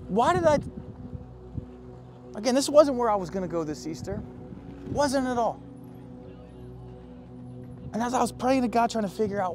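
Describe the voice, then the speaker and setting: A man preaching a sermon as pastor, animated and emphatic, swinging between loud bursts and quiet, earnest stretches. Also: sits high, brisk, long pauses, music in the background.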